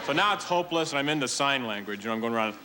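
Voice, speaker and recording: A male stand-up comedian spins his story in a deadpan, mock-earnest way, at a middling pitch. Audience laughter and steady background noise ring through the TV studio around him. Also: racing, over a noisy crowd. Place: TV studio stage with live audience.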